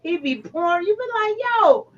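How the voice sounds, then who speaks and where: A woman co-hosting a podcast, backing up her partner with quick affirmations. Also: very high voice, expressive, lo-fi sound. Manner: affirming interjections. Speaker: podcast co-host. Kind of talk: casual chat.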